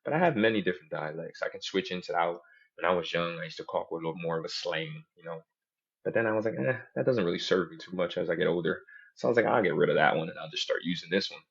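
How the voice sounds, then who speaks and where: A man's voice: sits low, expressive, quick pace, creaky, a bit bright, husky, dull audio. A man hosting a podcast in casual chat, telling stories animatedly and mimicking other people's voices in quotes. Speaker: podcast host.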